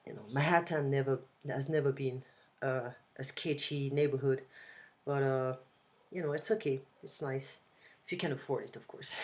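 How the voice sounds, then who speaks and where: Woman, French accent, deep voice, tutor, casual online lesson, video call, patient repeated examples. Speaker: language tutor.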